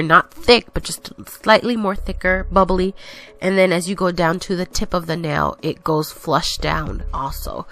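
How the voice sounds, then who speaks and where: A woman's voice: lowish voice, fairly bright tone. A woman casually narrating her nail tutorial in a chatty, rambling way, a little out of breath. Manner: chatty, rambling, self-correcting. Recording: voice-over with faint background music.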